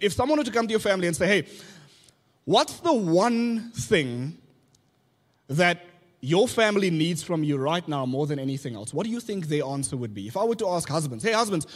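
A man, a pastor giving a conversational sermon full of rhetorical questions and light humor. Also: sits high. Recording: long church hall reverb.

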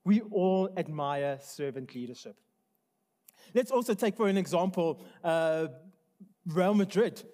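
A man's voice: high-pitched, animated, measured pace, mellow. A man preaching a sermon in a church hall, earnest and conversational, often restarting his sentences. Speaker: pastor.

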